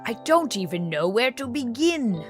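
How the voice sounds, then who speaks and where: A woman's voice: on the high side, very animated, normal speed, over music, pitched above the performer's own voice. A woman voicing a kindly old game character who sounds worried and flustered, with quaint, old-fashioned phrasing. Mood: fretful.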